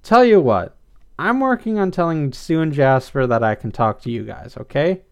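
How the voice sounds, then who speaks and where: A man's voice: fairly high pitch, animated, moderate pace, clean tone. A man voicing an upbeat, encouraging teenage girl in a read-aloud story. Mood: reassuring. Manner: reassuring, bright, upbeat.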